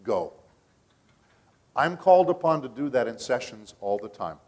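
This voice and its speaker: A man's voice: mid-range voice, lively intonation, brisk, a little mellow. A middle-aged man who works as a voice actor, telling stories at a convention panel in a chatty way and checking in with the audience often. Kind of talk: casual panel talk.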